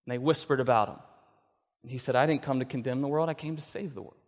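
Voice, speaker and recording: A man's voice: mid-range voice, fast talker. Man preaching a sermon in a reverberant hall. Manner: acts out quoted voices, builds to emphatic peaks. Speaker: pastor.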